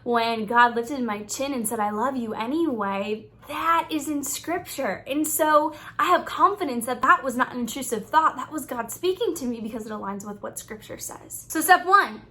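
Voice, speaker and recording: A young woman speaks to her viewers as a Christian YouTuber, earnest and expressive. Her voice is bright and sharp-edged and sits a little high. She lays out her teaching with warmth of conviction and lively turns of phrase. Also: moderate pace, few pauses. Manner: earnest, expressive, playfully acts out quoted thoughts. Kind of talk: faith-based teaching vlog.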